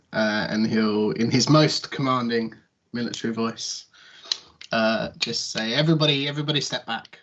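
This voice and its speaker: Man, tabletop player, mid-pitched voice, halting with uhs, lo-fi muffled audio. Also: bright, forceful tone. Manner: hesitant, describing his character's actions. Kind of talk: casual tabletop play. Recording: dull lo-fi audio.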